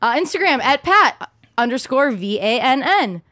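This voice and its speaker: A young woman hosts with a bossy, teasing edge, swearing freely as she chats. Her voice sits a little high and sounds dry and close to the mic. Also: very animated, normal speed, sharp tone, no echo. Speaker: podcast host. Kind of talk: casual chat.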